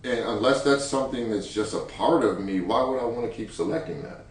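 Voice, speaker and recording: A man co-hosting a candid couple's chat, relaxed and slangy, laughing easily. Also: mid-range voice, brisk. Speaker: podcast co-host. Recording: very echoey room, distant mic, faint noise.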